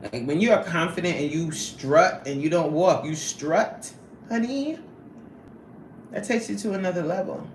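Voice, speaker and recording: A woman hosts a casual livestream, chatting with her viewers in a sassy, playful way and breaking into laughter often. Her pitch swoops up and down, and she talks at an unhurried pace. The sound carries the echo of the room around her. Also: lively intonation, slight background noise. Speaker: livestream host reading chat.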